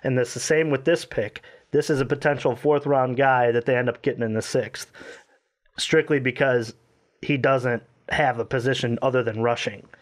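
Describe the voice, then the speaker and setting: A man co-hosting a casual sports podcast, talking in a rambling, animated way and often correcting himself. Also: medium pitch, normal speed. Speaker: podcast co-host.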